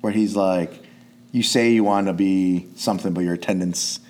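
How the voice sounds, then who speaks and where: A man's voice: sits low, fairly even intonation, normal speed, darkish tone. A man who coaches jiu-jitsu, chatting casually on a podcast, rambling and swearing, restarting his sentences often.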